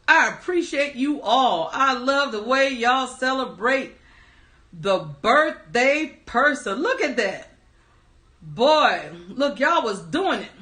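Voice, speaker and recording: Woman livestream host, high pitch, bright tone, animated, reads chat aloud. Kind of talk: casual livestream chat reading.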